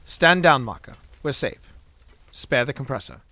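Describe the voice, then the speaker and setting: A man voicing a calm, cautious airship navigator who gives quiet, measured orders in an audiobook. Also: medium pitch, dry recording. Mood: steady. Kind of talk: audiobook character voice.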